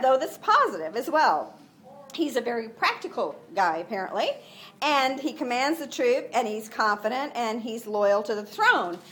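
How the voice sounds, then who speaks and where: A woman preaching a sermon, retelling the story in an animated way and acting out the voices. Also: a little high. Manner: animated storytelling, acts out voices, laughs often.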